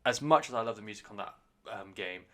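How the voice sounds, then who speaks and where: Rambling man, lowish voice. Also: lively intonation, fast talker, pushed and bright. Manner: rambling, swears often, many fillers and restarts. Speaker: podcast host, music reviewer. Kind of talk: casual solo album review.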